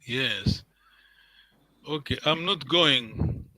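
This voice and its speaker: A man's voice: mid-range voice, extremely slow, pushed and bright, no echo, low-quality recording. A man teaching an online language class, patient and encouraging, repeating words and checking in with his students.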